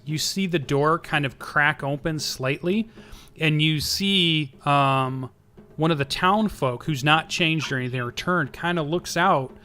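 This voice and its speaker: A man's voice: a little high, pushed and bright. A man narrating as game master, easygoing and prompting players with questions.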